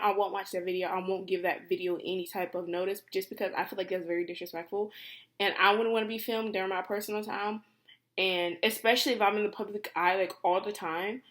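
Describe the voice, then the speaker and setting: A young woman vlogger ranting casually to camera, animated and exasperated, with lots of fillers and free swearing. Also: medium pitch.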